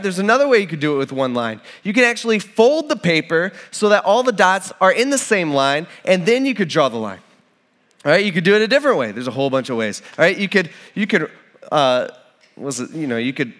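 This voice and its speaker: Male preacher, slightly high voice, informal and conversational, restarts his sentences, acts out the quotes. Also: a bit bright. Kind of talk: sermon.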